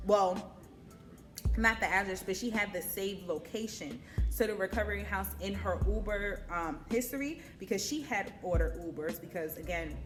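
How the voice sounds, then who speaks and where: A young woman tells a story on her vlog in a casual, animated way and swears freely. She acts out her own panicked words as she retells them. Faint music plays behind her voice at a middle pitch. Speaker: vlogger.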